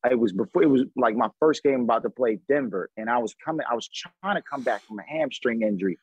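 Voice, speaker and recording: Former pro athlete guest, thirties, loose slangy storytelling, husky, dry close mic. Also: male voice, medium pitch, fast talker, no echo, low-quality recording. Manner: animated, slangy storyteller acting out quoted dialogue. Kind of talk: casual interview storytelling.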